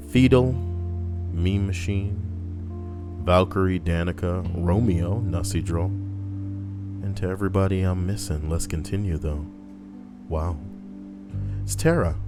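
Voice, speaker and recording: Wry, low-voiced male streamer. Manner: wry, profane, quick asides to chat. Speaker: streamer reading stories. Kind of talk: casual live stream narration. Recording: background music playing.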